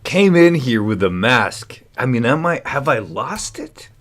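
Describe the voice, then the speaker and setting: A man's voice: mid-range voice, big pitch swings, unhurried. A man hosting a livestream in a put-on Scottish accent, ranting theatrically in an old-fashioned preaching way and reading out chat comments. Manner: reads chat comments aloud. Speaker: livestream host.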